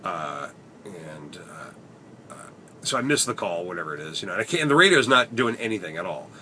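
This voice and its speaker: A man's voice: deep voice, very animated, fairly quick, pushed and bright, a little hiss or hum. A man telling stories from his taxi shifts in a rambling, wry way, sometimes swearing, recorded inside his cab. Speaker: taxi driver. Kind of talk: casual storytelling vlog.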